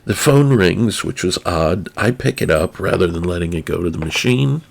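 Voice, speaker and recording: A man's voice: sits low, animated, normal speed, creaky. A man telling a long personal story in a wry, rambling way, full of asides. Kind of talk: casual storytelling.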